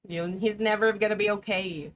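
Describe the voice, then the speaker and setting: A woman streaming live, reacting to a video in casual, profane commentary with sudden loud outbursts and chanted repeats. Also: medium pitch, fairly even intonation, brisk, a little hiss or hum.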